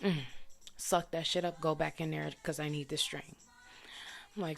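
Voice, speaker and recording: Blunt, low-voiced woman venting a story. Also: steady tone, moderate pace. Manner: blunt, profane, frustrated storytelling; vents with indignant rhetorical questions. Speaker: vlogger. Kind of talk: casual storytime monologue.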